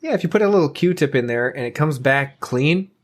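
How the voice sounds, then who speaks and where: A man's voice: on the high side, fairly quick. A man hosting a casual podcast chat, rambling with lots of fillers, laughing often and swearing as he tells stories. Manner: profane, animated storytelling. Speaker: podcast host.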